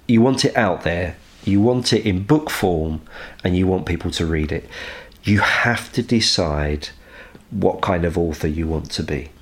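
Deep-voiced man giving earnest advice. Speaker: publishing consultant, guest. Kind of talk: advice in interview.

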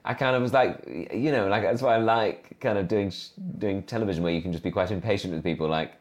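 Thirties male comic guest, very low voice, lively self-deprecating anecdotes. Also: fast talker. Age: 30s. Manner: animated, self-deprecating storyteller with many restarts. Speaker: comedian guest. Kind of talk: casual interview chat.

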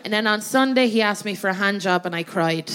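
A woman's voice: medium pitch, fairly quick, crowd noise, background noise. An Irish woman doing comic storytelling on stage, chatty and laughing through her own tale, checking in with "right?" as she goes. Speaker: comedian and guest co-host. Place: theatre stage before a live audience.

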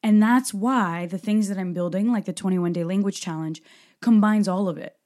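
A woman's voice: medium pitch, normal speed, mellow. A woman from Brazil hosting a solo Q&A podcast, talking passionately and emphatically. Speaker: podcast host.

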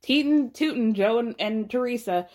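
A woman's voice: fairly high pitch, normal speed, a little mellow. A woman hosting a podcast, giving a casual, blunt and sarcastic recap of a reality show, swearing freely. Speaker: podcast host.

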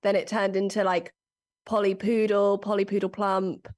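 A young adult woman, a comedian guest on a podcast, chatting casually, laughing often and breaking into a high cooing voice. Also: moderate pace. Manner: animated, giggly, slips into high cooing cat voice.

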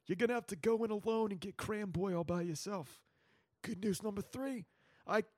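High-voiced man playing a laid-back hitman. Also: dry recording, clean studio sound. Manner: rambling, playful, plans out loud. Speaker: podcast co-host running the scene. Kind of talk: improvised tabletop role-play.

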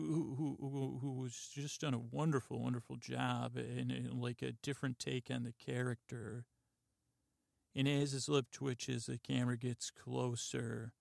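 A man hosting a podcast, softly retelling a TV episode in a halting, meandering way full of "uh" and "like". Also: mid-range voice, gravelly, no echo, studio quality. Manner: halting, lots of "uh" and "like", quiet and meandering. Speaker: podcast host. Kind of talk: rambling sleepy retelling of a TV episode.

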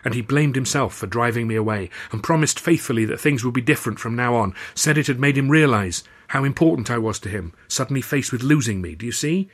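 A man voicing a shaken young chorus girl who talks in an urgent, hushed, pleading way as an audiobook character. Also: mid-range voice, animated, fast talker, few pauses, close to an everyday voice. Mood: earnest.

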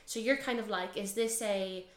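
A young adult woman co-hosting a podcast, casually recapping a TV series in an animated way, full of fillers and swearing. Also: medium pitch, normal speed, echoey room. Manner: animated, heavy filler use, swears freely. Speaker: podcast co-host.

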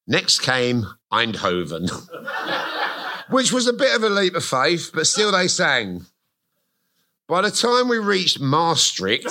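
A man's voice: fairly high pitch, big pitch swings, unhurried, background noise. A man, reading his memoir aloud to a live audience on stage, with a wry, self-mocking comic delivery. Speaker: guest author. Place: live music venue stage.

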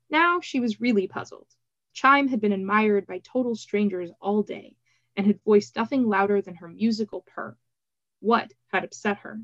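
A woman podcast host reading a novel excerpt aloud in a steady, even voice. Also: medium pitch, a little slow, dry recording. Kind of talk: book reading. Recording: slightly dull, dry recording.

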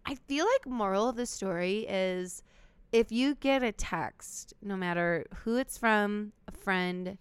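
A young woman co-hosting a casual chat podcast, relaxed and chatty, reacting with gasps and laughs. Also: mid-range voice, takes it slowly, clean tone, dry recording.

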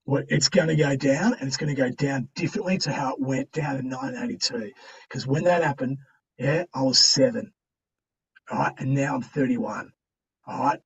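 An Australian man telling his own story as a podcast guest in a slangy, conversational way, with pauses and restarts. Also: medium pitch, creaky, breathy edge. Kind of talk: candid storytelling. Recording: distant, dull-sounding mic.

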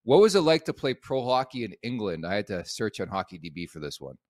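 A man's voice: on the low side, very animated, fast, darkish tone, no room sound, clean studio sound. A man hosting a sports podcast who teases his guest in a playful, chatty way. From Canada. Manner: playful, teasing interviewer. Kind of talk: casual chat.

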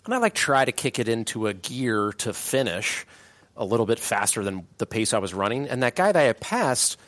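A man telling a story in relaxed, casual chat with friends. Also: medium pitch, fairly quick, no room sound.

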